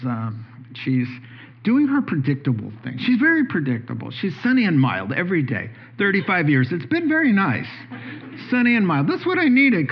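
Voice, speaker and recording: A middle-aged man preaching a sermon, a joking storyteller whose voice jumps high as he gets animated. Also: breathy edge, dull audio. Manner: animated, joking storyteller who rises sharply in pitch. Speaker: pastor.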